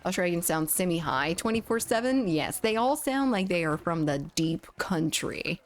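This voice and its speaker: A woman's voice: on the low side, lively intonation, moderate pace. A young woman from the United States chatting on a gaming livestream, reading chat and laughing often, on a studio mic at home. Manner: chatty, giggly, reads chat aloud. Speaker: streamer. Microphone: studio condenser mic.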